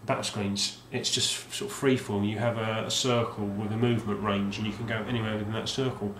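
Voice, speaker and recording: A man on the low side, with fairly even intonation and a slightly bright tone, speaks briskly while casually showing off his game collection. He rambles and hesitates with many ums and restarts, and the roomy recording carries faint ambience plus a little hiss or hum.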